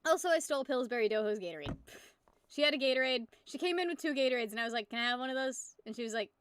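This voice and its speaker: Giggly high-voiced woman streamer. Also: lively intonation, racing, fairly bright tone, smooth. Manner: rambling, giggly, swears freely. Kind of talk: casual live-stream chat.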